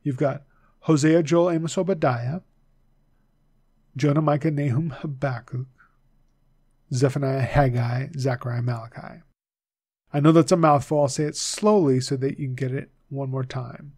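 A man giving a video lesson, patiently drilling a list and repeating names slowly so viewers can learn them. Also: mid-range voice, gravelly, darkish tone, slightly rough, dry recording, clean studio sound. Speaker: Bible teacher.

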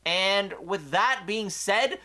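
A young man recapping a hockey game on his own channel, talking in an animated way that swings from excited outbursts to quiet asides. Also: high-pitched, slow pace. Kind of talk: solo game recap commentary.

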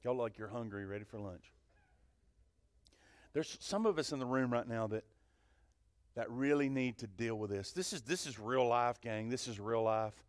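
Male pastor, mid-pitched, lively sermon delivery, dry close sound. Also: moderate pace, pauses often, no room sound. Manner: animated, swings between loud and hushed; asks the congregation questions. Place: church sanctuary.

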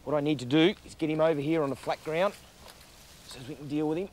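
A man with an Australian accent presenting wildlife outdoors, excitable and full of quick exclamations. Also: fairly high pitch. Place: outdoors in the bush. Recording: noisy outdoor field recording.

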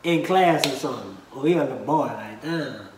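A young woman with a New Orleans accent, chatting casually about local slang and acting out quotes with animated laughter. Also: very deep voice, fairly quick. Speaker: co-host. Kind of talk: casual chat explaining slang. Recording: echoey room with faint noise.

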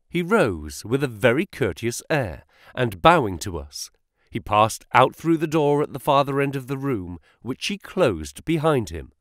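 A man's voice: medium pitch, very animated, measured pace, fairly bright tone, no echo, clean studio sound. A man reading a classic detective story aloud as narrator, voicing each character. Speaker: audiobook narrator.

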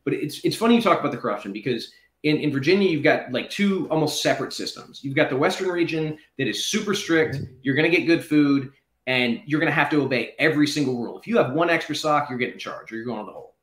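A man's voice: fairly high pitch, lively intonation, fast, fairly bright tone. A man who is a former prisoner, guest in a conversational interview, arguing in an articulate, reasoned way. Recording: roomy echo.

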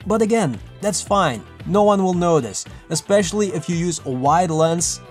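A man giving casual, lively filmmaking tips to camera, chatty and self-mocking. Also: high-pitched, normal speed, soft background music. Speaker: filmmaking vlogger. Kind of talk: casual tutorial talk to camera.

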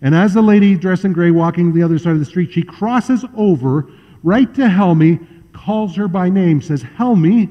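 A male pastor telling a story in a sermon, acting out the voices of its people with shifting loudness and pace. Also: high voice, moderate pace. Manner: acts out quoted voices, varies loudness and pace freely. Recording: muffled hall recording with long reverb.

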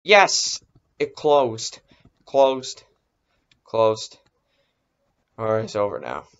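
A man's voice: lowish voice, sing-song, extremely slow, a bit bright, smooth. A man hosting a casual reaction video, easily startled and exclaiming, talking himself into being brave. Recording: dull lo-fi recording.

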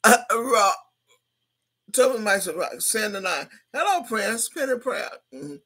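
Woman, 60s, livestream host; husky gravel voice, brash and profane, punchy delivery. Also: a little high, lively intonation, a little slow, fairly bright tone. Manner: brash, profane, laughs often. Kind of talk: livestream chat, reading comments aloud.

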